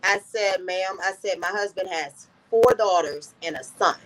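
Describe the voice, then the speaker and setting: A woman's voice: lowish voice, measured pace, background noise. A woman guest in an interview, earnestly telling a personal story and often repeating "I said" as she recounts conversations.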